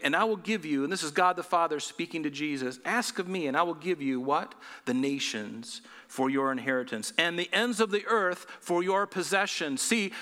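A man preaching a sermon as pastor, animated and full of rhetorical questions. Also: fairly high pitch, in a large hall.

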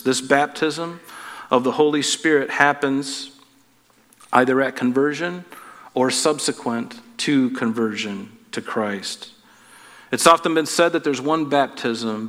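Pastor guy preaching, earnest, lots of rhetorical questions, bright voice, big echoey hall. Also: medium pitch. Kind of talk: sermon.

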